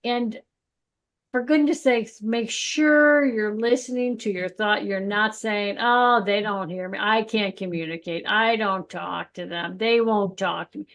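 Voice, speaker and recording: A woman co-hosting a spiritual podcast in casual chat, telling stories with lively quoted voices. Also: mid-range voice, unhurried. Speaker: podcast co-host.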